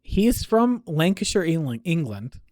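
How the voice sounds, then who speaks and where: Podcast co-host, wry joking chat, lively pitch, dry close sound. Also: a little slow, dry recording. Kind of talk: casual chat.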